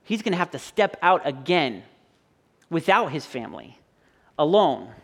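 A man's voice: on the high side, very animated, normal speed, fairly bright tone, husky. A man in his thirties, a pastor giving a conversational sermon with joking stories and frequent restarts.

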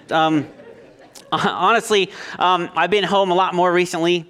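A man's voice: high voice, normal speed, sharp tone, clean tone. A man in his thirties, a youth leader, preaching a sermon with self-deprecating jokes and lots of ums and likes. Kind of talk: humorous sermon.

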